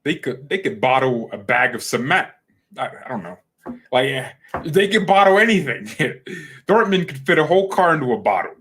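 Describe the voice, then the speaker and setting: A man's voice: medium pitch, big pitch swings, normal speed, fairly bright tone, slightly rough. A man hosting a football fan channel, ranting casually and bluntly, trash-talking players and rivals and repeating words when he gets heated. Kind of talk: casual opinion rant to camera.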